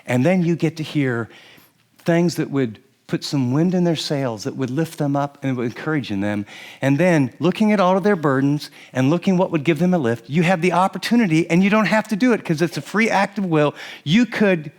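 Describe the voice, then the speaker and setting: A middle-aged man preaching on marriage, lively and laughing often as he acts out what husbands and wives might say. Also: on the high side, brisk. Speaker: pastor. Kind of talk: sermon on marriage to a live audience.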